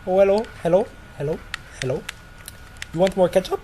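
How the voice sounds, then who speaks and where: A hurried, chirpy woman working a restaurant counter, repeating her words, as a man puts her on while telling a story. Her talk stays quick and repetitive. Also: sits high, animated, warm tone, a little hiss or hum, low-quality recording.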